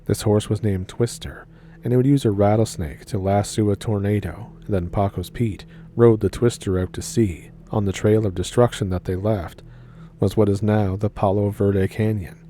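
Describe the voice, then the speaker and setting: Low, dark-voiced male storyteller. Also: steady tone, normal speed, a little hiss or hum. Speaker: story narrator. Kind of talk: reading a viewer story aloud.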